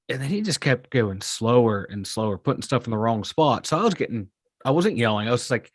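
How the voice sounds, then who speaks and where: Lively Pittsburgh man telling a work story. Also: medium pitch, a little fast, no room sound, studio quality. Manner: animated storyteller acting out his own quotes. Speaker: podcast co-host. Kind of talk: casual storytelling chat.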